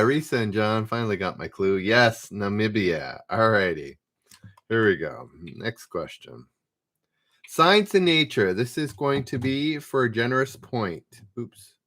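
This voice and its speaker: A relaxed man hosts a live trivia stream and reads each question out before chatting with viewers. His voice swoops up and down a lot, and he takes his time. He laughs easily as he goes. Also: mid-range voice. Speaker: trivia game host.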